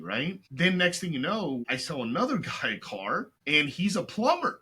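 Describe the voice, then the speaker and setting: A man's voice: a little high, normal speed, hardly any pauses, slightly rough. A middle-aged man, an entrepreneur guest, telling stories in casual chat and acting out other people's voices, with "right?" and "like" throughout. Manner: animated, acts out customers' voices; peppers talk with "right?" and "like".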